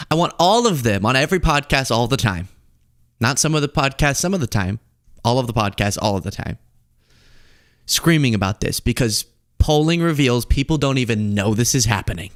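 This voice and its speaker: A man from the American South hosting a casual political commentary show, animated and jokey as he reads chat comments. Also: no echo, studio quality. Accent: General American, Southern accent mostly lost. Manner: animated, jokey, rapid shifts in pitch.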